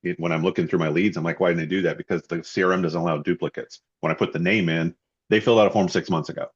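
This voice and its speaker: A man sharing sales advice on a coaching call, husky, with halting restarts. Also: sits low, fairly even intonation, highs cut off. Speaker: sales agent. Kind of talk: coaching call for insurance agents.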